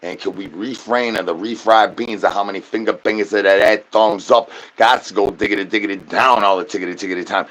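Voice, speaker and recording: A man doing an absurd comedy rant to his chat, spilling rhyming nonsense patter with rapid stuttered repetitions. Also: on the low side, fairly even intonation, a bit bright. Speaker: streamer.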